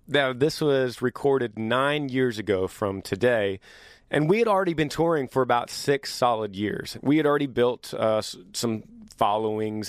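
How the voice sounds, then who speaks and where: A man hosting a casual monologue to his viewers, animated and joking, teasing as he talks. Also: lowish voice, dry recording, studio quality. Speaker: host.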